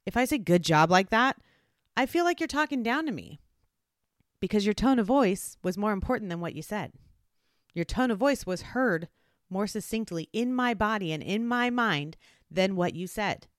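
On her solo advice podcast, this host talks with earnest animation, performing various tones of voice as she goes. She has a mid-range voice at normal speed, captured in a dry, studio-quality recording.

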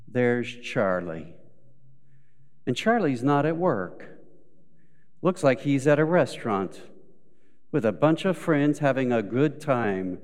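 Unhurried male pastor in a reverberant church. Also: medium pitch, a little mellow, clear, resonant tone. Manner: storytelling with acted quotes, rising to emphatic peaks. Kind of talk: sermon. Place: church sanctuary. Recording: live church recording with long hall reverb.

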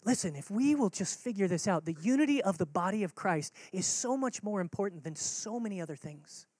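A man's voice: high-pitched, lively intonation, fairly quick, darkish tone, no echo. Earnest man preaching a sermon, dry sound. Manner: earnest, conversational preaching with repeated key words. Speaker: pastor.

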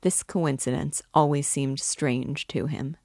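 Low-voiced woman reading a novel aloud. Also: steady tone, slow pace, creaky, darkish tone, no room sound, clean studio sound. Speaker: literature teacher reading aloud.

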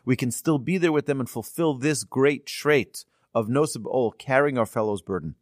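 A rabbi speaks in a mid-range voice at a moderate pace, giving a storytelling sermon with earnest energy. At the key moments his voice climbs for emphasis, and the studio-quality recording is dry.

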